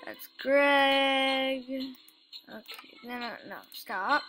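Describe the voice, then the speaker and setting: A woman with a high voice talks through a point-and-click game in a casual way. She stammers and restarts often while reading lines off the screen. Her tone is bright and sharp. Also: soft background music, poor audio. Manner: halting, stammering, reads game text aloud. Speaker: let's play host.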